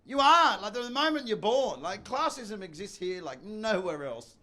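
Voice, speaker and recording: A middle-aged male comedian works a club stage, loud and profane, with sudden shouted bursts. His voice sits high and bright. It swings widely in pitch. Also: big pitch swings, moderate pace. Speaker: stand-up comedian. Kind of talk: stand-up comedy set.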